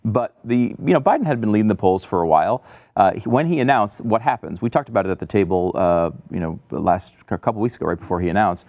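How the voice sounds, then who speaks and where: A man co-hosts a talk show in casual conversation, now and then rattling off figures. His voice sits a little low. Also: lively intonation, quick pace, gravelly, darkish tone. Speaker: co-host. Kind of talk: casual political chat.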